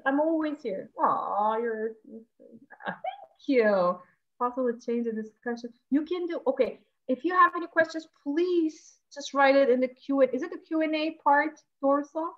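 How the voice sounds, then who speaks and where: A woman gives an animated webinar presentation, her voice pitched high and full of feeling. She addresses her audience warmly and takes questions. The sound comes through a computer mic and is dull and lo-fi. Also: normal speed. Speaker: teacher trainer presenting at an online education conference.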